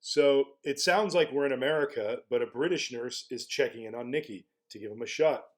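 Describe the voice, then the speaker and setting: A man at a mid-range pitch gives casual spoken commentary as a blogger. He wonders aloud as he goes, putting rhetorical questions to the listener and stumbling back over his words before he pushes on. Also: brisk. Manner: musing, asks rhetorical questions, frequent restarts.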